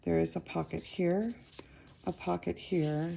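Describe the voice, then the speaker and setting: A woman talks through a craft journal in an easygoing, rambling way, full of little ums and corrections. Her voice sits fairly low, with a gravelly edge and a mellow, darker tone. Faint clicks and paper handling can be heard behind her. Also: unhurried, a little hiss or hum. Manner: chatty, rambling, with frequent ums and self-corrections. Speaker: craft video host. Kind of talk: casual craft flip-through narration.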